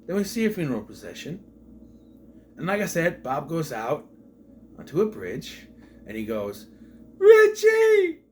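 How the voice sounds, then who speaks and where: A man delivers a casual, off-the-cuff movie review in a slightly higher-than-usual voice. His pitch leaps around expressively as he recounts scenes in disbelief, peppering the retelling with rhetorical questions. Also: normal speed, long pauses. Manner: animated, incredulous retelling with frequent rhetorical questions. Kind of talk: casual spoken film review.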